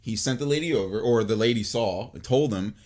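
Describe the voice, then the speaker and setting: A man in his late twenties hosting a podcast, telling a long story in a casual, animated way, full of swearing and "like". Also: medium pitch, brisk. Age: late 20s. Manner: animated and profane, filled with "like" and restarts. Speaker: podcast host.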